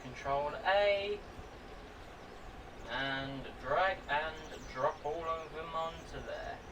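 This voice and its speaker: A man chatting to himself and his viewers in an excitable way while he works on a computer at home. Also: on the high side, very slow. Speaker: vlogger. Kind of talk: casual running commentary while using a computer. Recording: voice a bit far from the mic, faint background noise.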